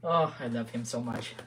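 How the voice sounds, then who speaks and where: Minnesotan lady streaming from home, super low voice, slow and chatty, baby-talks her cat. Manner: coos affectionately at her cat between chatty asides. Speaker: livestreamer. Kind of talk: casual livestream chat. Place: home room.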